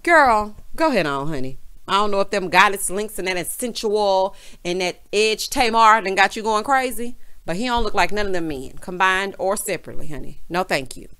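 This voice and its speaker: A sassy woman with a Southern US drawl dishes on a reality show like she's gossiping with friends. She keeps tossing in "honey" and "child" with lively, animated delivery. Her voice sits at an ordinary middle pitch for a woman. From American South. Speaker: reality TV recap vlogger. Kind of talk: casual sassy recap chat.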